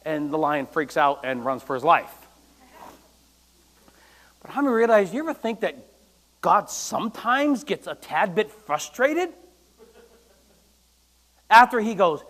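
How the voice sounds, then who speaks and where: A man pastor from the United States preaching a sermon, animated and acting out quoted lines with loud bursts. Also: sits high, a little slow, long pauses. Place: church.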